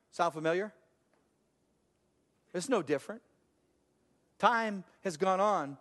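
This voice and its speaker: A man's voice: high-pitched, animated, slow pace, pauses often, sharp tone. An older man preaching a sermon as a pastor, emphatic, with a repetitive preaching cadence. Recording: long hall reverb.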